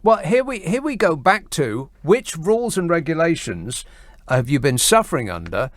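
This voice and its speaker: A man's voice: a little high, big pitch swings, moderate pace, no room sound. A man hosting a late-night radio phone-in, sardonic and exasperated as he argues with callers. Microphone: studio microphone.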